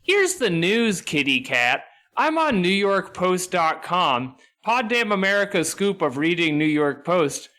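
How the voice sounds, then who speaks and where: A man's voice: high-pitched, sing-song, measured pace, few pauses, pushed and bright. A man co-hosting a podcast, riffing in casual comedic chat with mock outrage and swearing. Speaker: podcast co-host.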